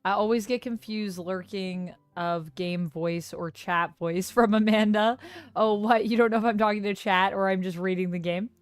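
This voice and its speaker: A young woman livestreams a dating game, chatting casually and giggling between lines. Her voice sits at a middle pitch, and faint game music runs underneath. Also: fairly even intonation, moderate pace, clear, resonant tone. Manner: giggly, reads game text aloud. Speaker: streamer playing a dating sim. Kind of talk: casual live gameplay commentary.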